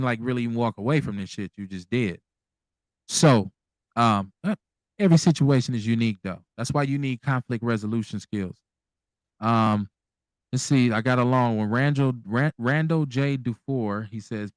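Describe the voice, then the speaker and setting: Male call-in radio host, blunt and animated, mid-pitched voice, dry close-mic sound. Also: no echo. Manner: candid, blunt, animated with profanity. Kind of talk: casual call-in radio talk.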